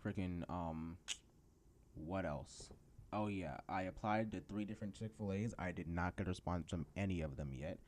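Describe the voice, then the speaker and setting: A man's voice: deep voice, moderate pace, a little mellow. A teenage guy hosting a solo podcast, ranting sarcastically about his job hunt. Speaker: podcast host.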